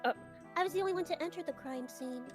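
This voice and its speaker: A high, nasal young princess, polite and earnest, answering questions as a witness in a game playthrough, as a woman puts her on. Soft children's music plays behind her. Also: fast. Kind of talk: voicing a character in a game playthrough.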